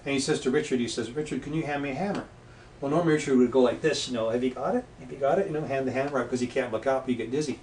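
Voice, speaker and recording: A man's voice: medium pitch, fairly even intonation, racing, a little mellow. A man as a talk-show guest, telling anecdotes in casual chat and acting out the voices of people he quotes. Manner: anecdotal storyteller who acts out quoted voices. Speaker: guest, past life regression practitioner. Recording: echoey room, distant mic, faint noise.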